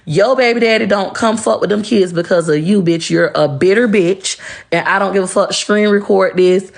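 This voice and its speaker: Speaking at a moderate pace in a medium-pitched, gravelly voice, a woman rants directly to camera as a social media personality. Her monologue is blunt, confrontational and full of profanity as she emphatically lectures her audience.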